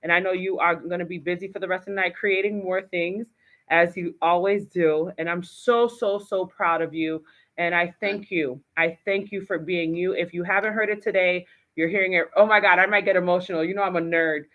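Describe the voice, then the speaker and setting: A woman's voice: on the low side, fairly even intonation, moderate pace. A woman hosting a live online talk show, effusive and enthusiastic as she thanks her guest. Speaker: host. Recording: dull lo-fi live stream audio.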